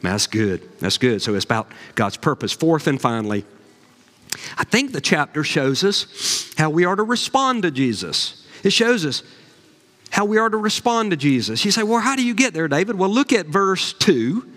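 A man, a pastor preaching a sermon with folksy stories and animated asides. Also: on the high side, moderate pace. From Southern US. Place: church sanctuary. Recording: long reverb of a large hall.

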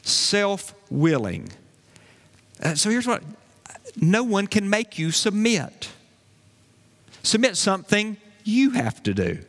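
A man's voice: high voice, very animated, slow, pauses often, fairly bright tone. A male pastor preaching a sermon, emphatic, repeating key phrases and asking his congregation questions. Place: church sanctuary. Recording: long hall reverb.

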